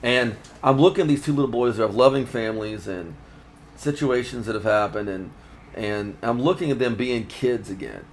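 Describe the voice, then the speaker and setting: Guy talking earnestly about fishing, mid pitch, keeps restarting, faint background hum. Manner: earnest, reflective, halting with restarts. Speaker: fishing magazine editor. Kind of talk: casual chat. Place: fishing trade show floor.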